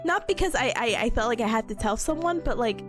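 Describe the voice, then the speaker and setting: Hoarse, sick young woman streamer. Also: fairly high pitch, lively intonation, quick pace. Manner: bubbly, giggly, greets chatters warmly. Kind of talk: casual chat stream. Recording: faint music in the background.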